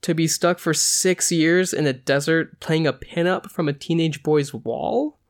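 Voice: medium pitch, a little slow, creaky. Teasing young male musician, dry and jokey, read plainly by the host.

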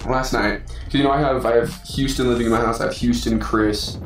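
Young male athlete, animated storyteller who acts out dialogue, faint music bed. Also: medium pitch, a little fast. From Utah. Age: young adult. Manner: animated, acts out quoted voices, laughs often. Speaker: college football player, podcast co-host. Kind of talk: casual storytelling chat.

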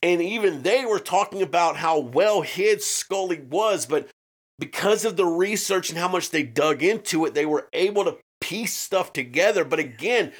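Here a true-crime podcast co-host speaks in a high, animated voice at a moderate pace during casual chat. His talk is profane, peppered with fillers and frequent restarts.

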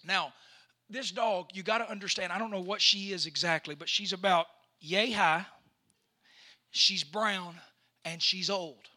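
Male preacher, high and piercingly bright; storyteller who climbs to shouting. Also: unhurried, pauses often. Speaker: pastor. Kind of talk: sermon.

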